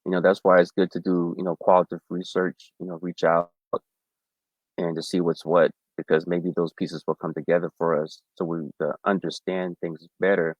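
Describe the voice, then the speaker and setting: A man talking as a guest in a casual chat, halting and hesitant, with many fillers. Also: sits low, flat delivery, no room sound. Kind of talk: casual conversation. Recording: dull lo-fi audio.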